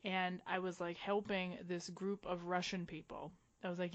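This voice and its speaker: A woman co-hosting a podcast, telling stories in a casual, animated way with frequent laughs. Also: fairly low pitch, brisk, few pauses. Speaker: podcast co-host. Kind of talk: casual chat. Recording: dull lo-fi recording.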